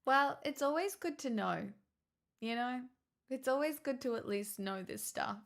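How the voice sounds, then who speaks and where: Slow-talking chatty woman streamer. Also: high-pitched, expressive, vocal fry. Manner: chatty, rambling, laughs often. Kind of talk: casual chat.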